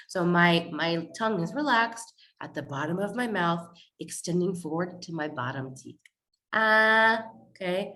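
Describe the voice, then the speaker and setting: A woman's voice: on the low side, fairly bright tone, poor audio. New woman teaching pronunciation. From New York, USA. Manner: clear, instructive, models sounds slowly. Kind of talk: recorded pronunciation lesson.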